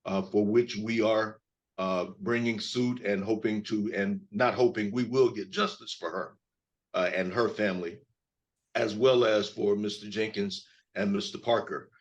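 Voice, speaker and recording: A hoarse man in his fifties from Mississippi speaks as an attorney at a press conference. His voice sits low, and he talks in a measured way with frequent fillers, heard over a video call. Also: steady tone, dull audio. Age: 50s.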